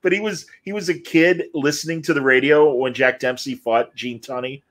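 A man's voice: mid-range voice, moderate pace, a bit bright. A man hosting a live Q&A interview, telling anecdotes animatedly and acting out the people he quotes. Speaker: host.

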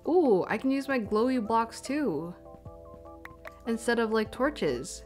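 On the high side with lively intonation, her voice is slow-paced and darkish, with faint music behind it. This young woman with a Canadian English accent streams from a home room on a desk microphone, occasionally moving away from it, musing aloud and saying sorry as she plays.

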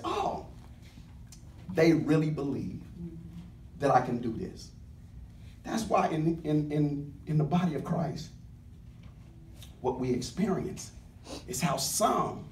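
Male pastor, high voice, lively call-and-response preaching, distant mic in a reverberant sanctuary. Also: a little hiss or hum. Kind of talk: sermon. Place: church sanctuary. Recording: echoey church room, mic at a distance. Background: congregation responding with amens.

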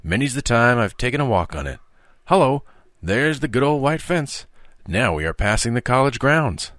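Brief: man playing a self-assured older schoolboy, raised pitch, lively, dry close recording. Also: no echo. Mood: eager. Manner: brisk, self-assured, slightly lofty. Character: knowing schoolboy, confident and a bit superior.

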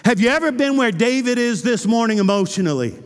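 A male pastor preaching a sermon with passion, moving between loud cries and hushed, intimate lines. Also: very high-pitched, animated, fairly quick. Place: church sanctuary. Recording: church hall with long reverb.

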